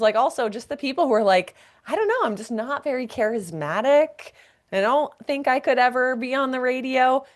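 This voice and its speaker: A woman hosting a podcast interview, curious and asking long, rambling questions. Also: mid-range voice. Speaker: podcast host.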